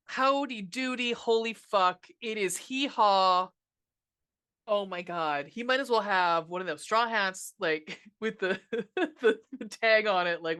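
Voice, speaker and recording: A woman's voice: medium pitch, bright, forceful tone. A woman hosting a podcast, ranting sarcastically about a movie with lots of swearing and fillers. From United States. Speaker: podcast host reviewing a film. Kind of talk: casual movie review monologue.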